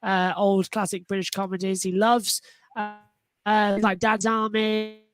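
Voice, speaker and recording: A woman's voice: medium pitch, flat delivery, a little slow, soft background music. A woman on a motorsport panel talking enthusiastically and animatedly, often restarting her sentences. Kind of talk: casual panel discussion.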